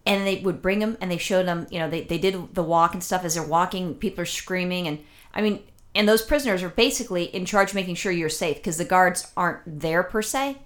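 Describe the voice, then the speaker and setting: A woman's voice: on the low side, a little fast. Rambling, foul-mouthed woman chatting. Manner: crude, rambling storytelling with lots of swearing. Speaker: podcast co-host. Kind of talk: casual chat.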